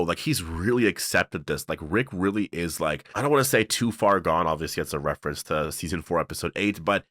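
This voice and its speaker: A man with a very low voice talks through a TV episode review. He rambles and leans on fillers, excitable but loose. The sound is dry and close. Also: brisk, few pauses, no echo. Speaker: show reviewer. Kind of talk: casual video breakdown.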